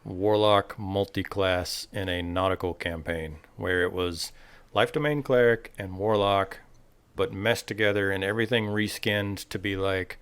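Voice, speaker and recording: Low-voiced man in casual chat. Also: a little slow, smooth, no room sound. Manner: rambling, relaxed, lots of fillers. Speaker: podcast host.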